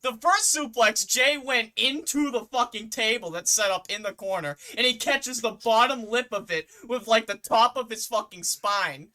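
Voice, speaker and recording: Bright-voiced podcast co-host, lively. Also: mid-range voice, moderate pace, few pauses. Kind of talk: casual wrestling chat.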